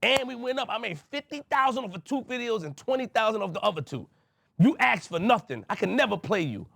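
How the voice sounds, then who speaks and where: A man's voice: sits high, lively intonation, brisk, gravelly, a bit bright, no room sound. A man from Queens, a podcast host speaking to camera, emphatic and repetitive as he addresses someone directly. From Queens, New York.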